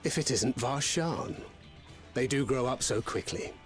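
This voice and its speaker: Thancred, an actor as a suave wry rogue. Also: male voice, mid-range voice, measured pace, close to an everyday voice. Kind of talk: game cutscene voice acting. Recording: game audio with music.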